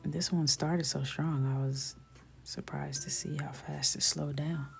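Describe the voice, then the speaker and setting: A woman chatting casually as she colors on a live stream, talking softly and often half-whispering, easygoing and quick to laugh. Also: sits low, creaky, faint music behind. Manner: laughs easily, relaxed and unhurried.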